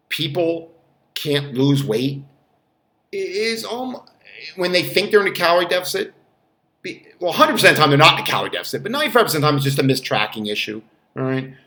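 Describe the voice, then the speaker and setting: A man who works as a fitness trainer, giving blunt, casual advice. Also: a little high. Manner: blunt, animated, acts out quotes in loud voices. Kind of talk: casual talking-head advice. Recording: echoey room.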